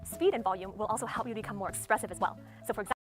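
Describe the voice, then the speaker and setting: A woman's voice: medium pitch, rapid-fire. A woman giving a speaking lesson, methodically demonstrating tone and stress aloud. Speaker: speaking coach. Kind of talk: instructional talk. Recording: clear background music under voice.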